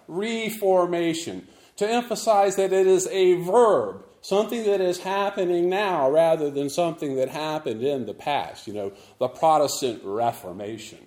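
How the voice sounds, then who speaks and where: A man preaching a Sunday sermon as the church's pastor, measured and deliberate with touches of dry humor. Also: fairly high pitch, darkish tone, reverberant.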